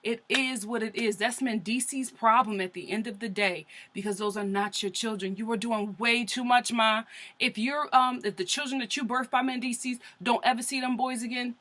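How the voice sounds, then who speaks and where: A woman's voice: fairly high pitch, moderate pace. A woman from Philadelphia giving a sassy, opinionated comedic recap of a reality TV episode. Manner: sassy, opinionated, animated rants.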